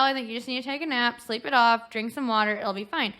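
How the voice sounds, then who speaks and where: Bright-voiced young woman telling a story. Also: on the high side, fast talker, smooth. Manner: animated, acts out quotes, many "like" fillers. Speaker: podcast guest. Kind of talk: casual storytelling chat.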